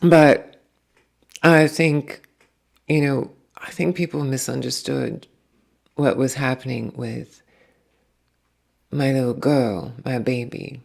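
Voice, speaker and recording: A woman's voice: a bass voice, steady tone, takes it slowly, gravelly, long pauses, full character voice. A woman speaking as the spirit of an old Hollywood film actress, confiding and self-justifying in the first person. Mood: defiant.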